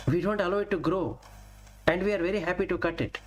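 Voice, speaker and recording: A man giving a Buddhist Dhamma talk as a teacher, deliberately naming Pali terms and explaining each in plain English with everyday examples. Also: high-pitched.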